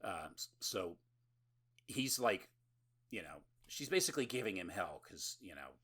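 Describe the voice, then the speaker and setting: A man's voice: low-pitched, very animated, unhurried, fairly bright tone, husky. A male podcast host in casual chat, recapping a film in a rambling, laughing, profane way.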